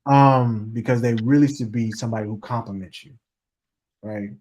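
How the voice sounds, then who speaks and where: Guy coaching folks on relationships, mid pitch, lively, keeps talking to y'all and doing little voices. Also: normal speed. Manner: animated, acts out quoted voices, addresses audience as y'all. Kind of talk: casual motivational talk.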